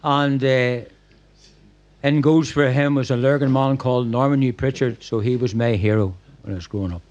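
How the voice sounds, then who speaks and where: A man's voice: medium pitch, steady tone, moderate pace, darkish tone, lo-fi sound. Older Northern Irish man, guest storyteller, rambling anecdotal delivery. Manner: rambling anecdotes with stumbles and laughs. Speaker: guest, former football manager. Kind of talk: storytelling at a live podcast event. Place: packed function room.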